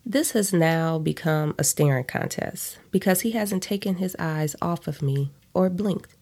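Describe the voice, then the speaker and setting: A woman's voice: on the low side, measured pace, darkish tone. A woman reading a first-person story aloud in a blunt, profane way, stopping for side comments.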